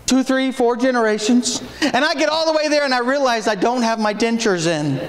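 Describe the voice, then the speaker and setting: A man preaching a sermon, folksy in his storytelling and breaking into shouted exhortations. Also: very high-pitched, a little fast. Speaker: pastor. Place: church sanctuary. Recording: echoey church room.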